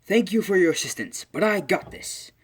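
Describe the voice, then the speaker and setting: Booming and grand, this is a muscular male superhero mentor, put on by a man narrating a fan story. He sits far higher than a plain male voice and comes out loud and hearty, like a proud hero reassuring others. The storytelling is casual and homemade. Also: lively intonation, moderate pace, slightly rough.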